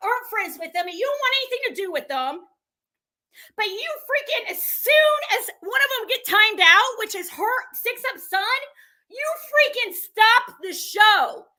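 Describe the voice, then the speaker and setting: A woman live streamer ranting in a heated, exasperated way, swearing and firing off quick outbursts. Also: very high voice, sharp tone. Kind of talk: heated livestream rant.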